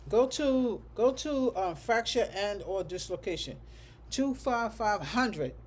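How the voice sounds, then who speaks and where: A medical coding instructor leads a livestreamed class in a relaxed, conversational way, with a voice of middling pitch. Sentences keep ending in a checking "okay?", and code numbers are read out slowly and repeated, with the odd aside thought aloud. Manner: conversational, thinks aloud while teaching.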